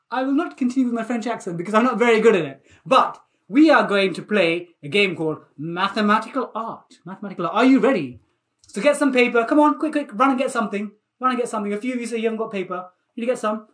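A man teaching a live online maths lesson for children, energetic and playful, often repeating himself. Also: very high voice.

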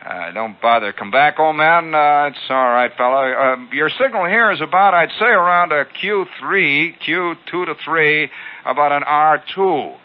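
A man's voice: on the high side, unhurried, voice pushed up, lightly acted. A man putting on a dismissive veteran male radio ham who scolds a beginner's signal, in a lo-fi archival radio recording. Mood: scolding.

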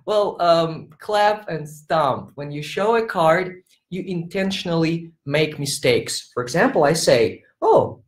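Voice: mid-range voice, unhurried, roomy sound. A teacher trainer giving an online conference workshop, playfully demonstrating classroom games by singing and acting out sample lines over a laptop microphone on a video call. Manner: playful, switches into sung and acted teacher voices for demos.

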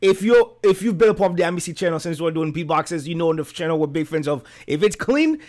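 Young male reaction co-host, higher voice, rambling, eager, filler-heavy. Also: expressive, quick pace, darkish tone. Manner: loose, rambling, enthusiastic with many fillers. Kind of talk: casual reaction chat.

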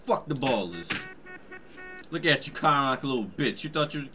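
A man's voice: medium pitch, expressive, normal speed, sharp tone, faint music behind. A young man casually commenting on a game stream, joking and swearing loosely.

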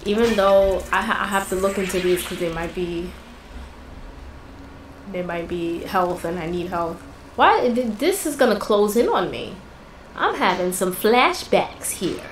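A woman's voice: on the low side, expressive, unhurried, echoey room, a little hiss or hum, low-quality recording. A woman hosting a gaming channel, chatting casually and exclaiming in frustration as she plays. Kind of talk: casual gameplay commentary.

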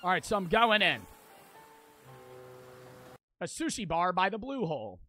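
A young male streamer riffing over gameplay, crude, joking and quick to curse. His voice is high for a man. Game music sits clearly under his talk. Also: sing-song, pushed and bright. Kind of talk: live gameplay commentary.

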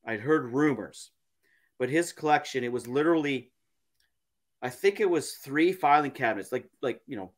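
A man, a podcast guest, telling a story in a halting, casual way, repeating words and using many fillers. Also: medium pitch, lively intonation.

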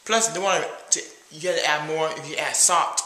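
A man's voice: on the high side, fairly even intonation, moderate pace, bright, forceful tone, echoey room. A man playing a cheap, nervous date who brags about himself and keeps calling himself "your boy", in a comedy skit.

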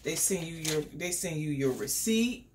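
Chatty, excitable woman unboxing at home. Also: deep voice, normal speed, slight background noise. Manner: chatty and excitable, talks straight to viewers. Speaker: beauty vlogger. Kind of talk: casual unboxing vlog. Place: home indoors.

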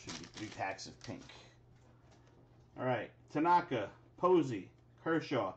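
Guy opening card packs live, calls out names slow and steady, mid-pitch voice. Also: background noise. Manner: rattles off player names, bursts into excited exclamations. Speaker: card break host.

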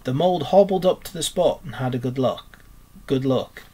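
A man, a teacher, reading a children's story aloud in a steady, expressive narrating voice. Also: mid-range voice, moderate pace, breathy edge.

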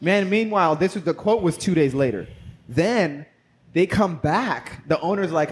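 A man telling a story in casual podcast chat, animated, swearing and acting out what people said. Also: a little high, moderate pace, a little hiss or hum. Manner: animated, swears, acts out quoted dialogue. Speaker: barbershop co-owner and podcast guest.

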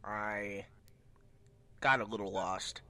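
A man's voice: fairly low pitch, fairly even intonation, slow, pushed and bright, clear, resonant tone. A man reading Sonic's lines in a casual, playful group reading of a fan story. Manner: playful, swears and laughs. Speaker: fan dub reader voicing Sonic.

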